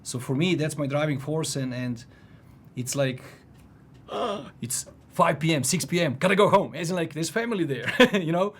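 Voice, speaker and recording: A man in his forties telling a personal story in casual chat, animated, restarting sentences and laughing often. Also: on the high side, normal speed, breathy edge. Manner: animated, frequent restarts and laughs, "if you know what I mean".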